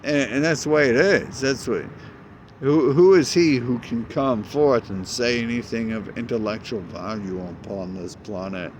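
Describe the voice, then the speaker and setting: A man's voice: mid-range voice, measured pace, slight background noise. A man in a rambling, agitated monologue, cursing often and jumping between ideas.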